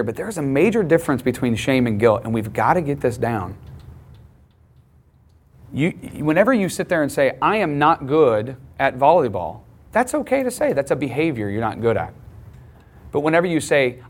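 A middle-aged man, a pastor, teaching a sermon in a conversational way, pushing his voice up on key lines. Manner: conversational, emphatic preaching with rising pitch on key lines.

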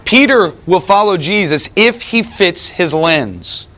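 A man's voice: high voice, animated, slow pace, sharp tone. A man preaching a sermon to a room of students, conversational and emphatic. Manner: conversational, emphatic, voices quoted figures. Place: chapel or lecture room with audience.

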